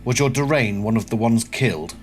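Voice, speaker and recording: A man's voice: on the low side, animated, fairly quick, soft background music, close to an everyday voice. A man voicing a young male alien warrior cadet, reading his book lines in an earnest, questioning way. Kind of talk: dramatic reading of a book passage.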